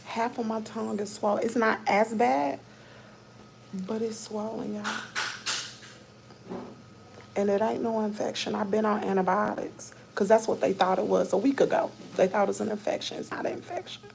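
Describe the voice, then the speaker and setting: A woman with a Southern accent talks anxiously into her phone from a dentist's chair, calling her viewers y'all and sinking into whispers. Her voice has a gravelly edge, and a faint hiss sits under the recording. She sounds casual and scared at once. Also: medium pitch, little pitch movement, normal speed, pauses often, a little mellow, poor audio. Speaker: vlogger livestreaming from a dentist's office. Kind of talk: casual live chat to viewers. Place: dentist's exam room. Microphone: phone held close.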